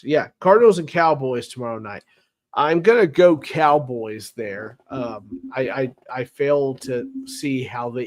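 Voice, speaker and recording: A man hosting a casual live-stream football recap, chatty and wry, teasing his chat with sarcasm. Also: mid-range voice. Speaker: sports show host.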